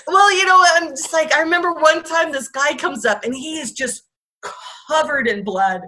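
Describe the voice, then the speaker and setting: A woman's voice: sits high, normal speed, pushed and bright. A woman telling casual stories, laughing often, swearing freely and acting out what people said. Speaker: guest, former volunteer ranger. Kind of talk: casual storytelling.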